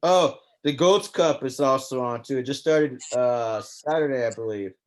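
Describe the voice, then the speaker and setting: A man's voice: mid-range voice, moderate pace. A man co-hosting a podcast, talking sports in a loose, chatty way, swearing casually and trailing off mid-thought. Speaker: podcast co-host.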